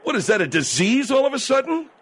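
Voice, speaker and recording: A man's voice: extremely high pitch, big pitch swings, breathy edge. A male radio talk show host handling a comedic call-in, exasperated and argumentative. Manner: exasperated, argumentative, quick to snap.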